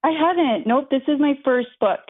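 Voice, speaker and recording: A woman's voice: high-pitched, normal speed, no echo. A woman in her thirties, an author guest, chatting in a bubbly, chatty way. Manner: bubbly, chatty, laughs often. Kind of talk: casual interview chat. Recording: tinny phone line.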